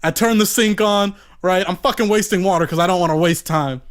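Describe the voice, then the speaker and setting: High-voiced man telling a rambling, profane story. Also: brisk. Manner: rambling and profane, full of "you know" fillers. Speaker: podcast storyteller.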